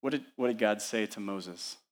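A man preaching a sermon at church as the pastor, building energetic repeated lists and asking the congregation rhetorical questions. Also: lowish voice, moderate pace.

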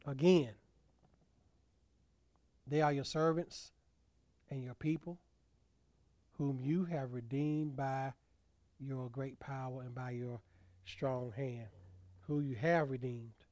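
A male pastor preaching a sermon, building to emphatic peaks and letting phrase endings fall soft and low. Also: steady tone, takes it slowly, long pauses, no room sound.

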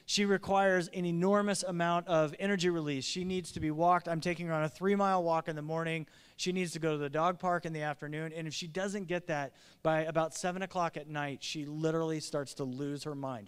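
A middle-aged man, a pastor, preaching a sermon in an earnest, urgent way with lively asides. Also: sits high, clear, resonant tone. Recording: long reverb of a large hall.

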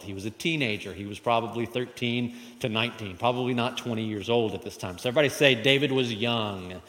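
Pastor guy preaching a sermon, gets the crowd to say stuff back, hall reverb hanging on every line. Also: medium pitch. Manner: animated, calls the congregation to repeat lines. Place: church hall with congregation. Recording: long reverb of a large hall.

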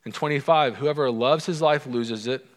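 Pastor preaching casually in a reverberant hall. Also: male voice, mid-range voice, moderate pace. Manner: conversational, humorous storytelling. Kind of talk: sermon.

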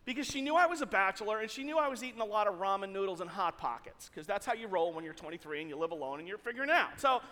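A man pastor telling a story in an animated, jokey way to his congregation in a church hall. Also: high-pitched, rapid-fire, few pauses. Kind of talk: sermon storytelling.

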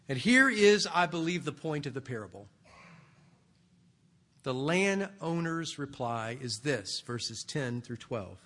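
A man preaches in a conversational, explaining manner, his voice sitting high with a bright, forward tone. Long reverb from a large church sanctuary hangs after each phrase. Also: big pitch swings, unhurried. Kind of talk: expository sermon.

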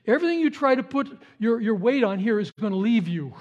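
A man preaches with a notably high-pitched voice. He talks in a relaxed, conversational way, telling stories and repeating key phrases for emphasis. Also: fairly quick, few pauses, lo-fi sound. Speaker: pastor. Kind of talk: sermon.

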